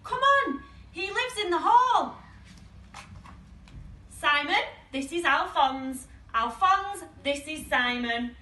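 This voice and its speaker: A woman's voice: extremely high pitch, expressive, slow, sharp tone, voice pushed up, exaggerated voice. A woman voicing Ted, an eager, cheerful toy friend trying to help, recorded in an echoey room with the mic at a distance.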